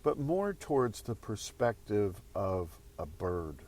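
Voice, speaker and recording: Slow, low-voiced rambling male speaker. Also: big pitch swings, a little mellow, slight background noise. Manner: slow, rambling, conversational, repeats phrases. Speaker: spiritual speaker. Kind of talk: motivational talk to viewers.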